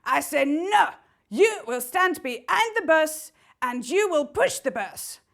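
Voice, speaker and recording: A woman voicing a pompous male saboteur in a mock French accent, booming out haughty commands. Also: very animated, takes it slowly, gravelly, a bit bright, exaggerated voice.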